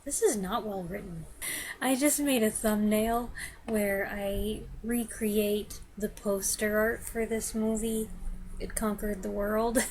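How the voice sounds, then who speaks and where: A woman's voice: medium pitch, fairly even intonation, slow pace, darkish tone, slight background noise. A young woman reviewing films, stumbling over lines, restarting takes and laughing at herself. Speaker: film reviewer. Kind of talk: blooper reel of review takes.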